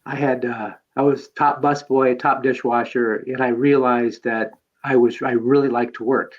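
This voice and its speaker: A man's voice: medium pitch, little pitch movement, moderate pace. A man telling his own life story as a podcast guest, rambling with many fillers and restarts. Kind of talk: personal life story told in conversation. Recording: dull lo-fi sound.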